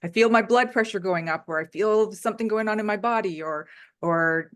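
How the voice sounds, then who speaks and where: A woman hosting a relaxed interview, answering her guest with supportive, reflective remarks. She laughs easily and talks in a thoughtful, conversational way. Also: medium pitch, a little fast. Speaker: interview host.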